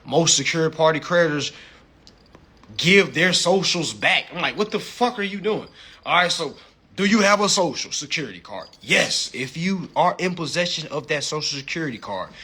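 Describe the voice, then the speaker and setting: A man hosting a casual livestream chat, animated and profane, laughing often and peppering his talk with slang. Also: on the high side, normal speed, slightly rough. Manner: slangy, repeats "you know what I'm saying". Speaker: livestream host.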